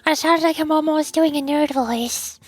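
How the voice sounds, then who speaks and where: A woman's voice: sits high, steady tone, moderate pace, faint music behind. A young woman streamer chatting casually in a rambling, self-deprecating way. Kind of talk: casual chat between voice acting.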